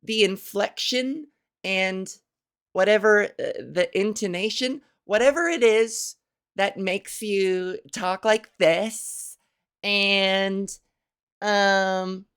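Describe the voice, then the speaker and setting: A woman hosting a casual solo podcast, rambling and self-mocking, laughing at her own jokes while working on a softer voice. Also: mid-range voice, slow, smooth. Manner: practicing a softer voice with resonance and inflection. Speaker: podcast host. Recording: fan blowing near the microphone.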